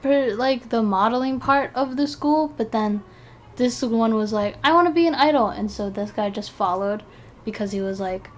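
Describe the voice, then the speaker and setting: A young woman streaming, chatting casually in an excitable, rambling way, sleepy and yawning between thoughts. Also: medium pitch, measured pace. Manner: excitable, rambling, giggly, with restarts. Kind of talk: casual chat while ranking game characters.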